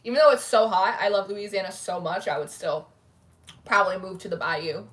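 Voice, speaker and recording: A woman's voice: mid-range voice, brisk. Chatty woman hosting a livestream. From New Jersey, USA. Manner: chatty, says "like" a lot. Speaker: tarot livestream host. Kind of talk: casual chat reading live comments.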